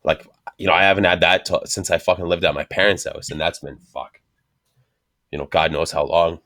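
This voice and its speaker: Deep-voiced man, profane and animated. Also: fairly quick. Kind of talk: casual chat.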